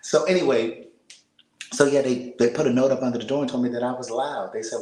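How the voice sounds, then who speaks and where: An American man talking casually to live viewers from a small apartment, speaking softly and half-whispering, laughing and reading out comments. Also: medium pitch, steady tone, quick pace, reverberant, poor audio. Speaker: vlogger on a livestream.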